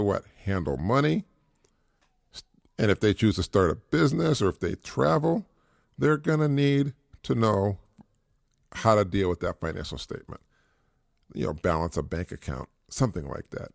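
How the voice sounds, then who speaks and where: Gravelly middle-aged man giving parenting advice. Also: lowish voice, expressive, moderate pace, pauses often, no room sound, clean studio sound. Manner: earnest, repetitive, chuckles at his own points. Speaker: podcast host. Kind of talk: casual advice monologue.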